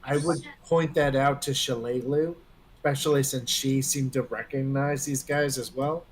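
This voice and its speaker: A man speaking at a middle pitch as a player in a tabletop game. He talks hesitantly, with plenty of fillers and restarts, as he works out his next move. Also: fairly even intonation, normal speed, a little hiss or hum, poor audio. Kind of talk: tabletop game play, in and out of character.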